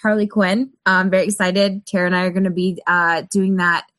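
A woman co-hosting a casual group chat, excitable and talking in quick bursts. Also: on the low side, no room sound.

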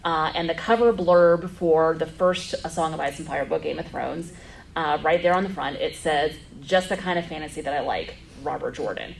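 A woman's voice: sits low, normal speed, creaky, a little hiss or hum, rough recording. A woman moderating a convention panel discussion, chatty and rambling with lots of fillers, speaking into a panel microphone in a convention room.

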